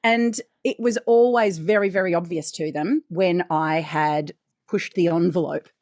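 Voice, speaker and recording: An Australian woman co-hosting a podcast in casual, candid chat, with a naturally deep, slightly husky voice. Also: a little slow, dry recording, clean studio sound. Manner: candid and animated, swears casually. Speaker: podcast co-host.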